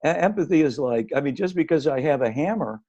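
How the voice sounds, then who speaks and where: A man talking through ideas as a guest author, measured and hedging, often restarting with "I mean". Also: fairly high pitch, lively intonation, mellow, dull audio. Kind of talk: conversational discussion. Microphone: video call.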